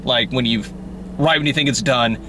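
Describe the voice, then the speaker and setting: A man's voice: medium pitch, normal speed, background noise. A young man co-hosting a casual movie review chat, rambling and bursting into exaggerated outbursts. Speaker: co-host.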